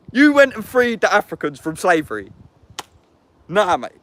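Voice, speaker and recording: A young Englishman rants angrily to camera in a high, fairly bright voice. His monologue is profane and packed with slang forms of address.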